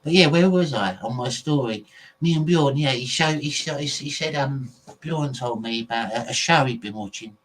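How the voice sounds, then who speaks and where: A man with an English accent talks straight to his viewers in loose, casual chat. He rambles from one tangent to the next and fills the gaps with likes and ums. His voice sits at an ordinary middle pitch. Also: moderate pace, poor audio. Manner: rambling, goes off on tangents, many fillers. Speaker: podcast host.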